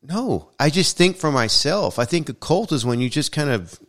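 A man's voice: fairly high pitch, animated, normal speed, a bit bright. A man hosting a casual podcast chat, talking bluntly and emphatically and swearing freely. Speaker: podcast host.

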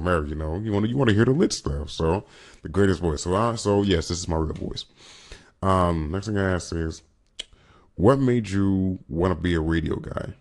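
Deep-voiced man chatting casually. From California. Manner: rambling, self-correcting, joking. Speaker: podcast host. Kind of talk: casual chat.

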